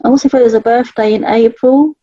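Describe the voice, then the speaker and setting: A woman, working as a spirit artist, talking gently and chattily through a live drawing reading and laughing often. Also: fairly high pitch, steady tone, brisk, no room sound, lo-fi sound. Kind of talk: live psychic drawing session.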